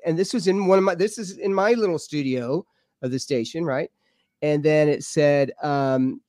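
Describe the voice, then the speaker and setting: A man tells his paranormal stories as a podcast guest, excitable and rambling, often doubling back on his words. His voice sits a little high for a man. The sound is dry and close, with no room around it. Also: normal speed, no echo. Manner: excitable, rambling, repeats himself. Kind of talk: animated storytelling. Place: home studio.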